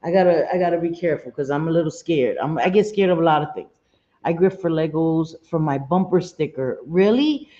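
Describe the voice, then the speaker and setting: A woman's voice: sits low, a little fast, mellow. Middle-aged lady on a home livestream, chatty, laughs a lot, cusses, roomy kinda dull sound. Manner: chatty, laughs often, swears freely, answers viewers directly. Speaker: live streamer. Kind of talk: casual live-stream chat.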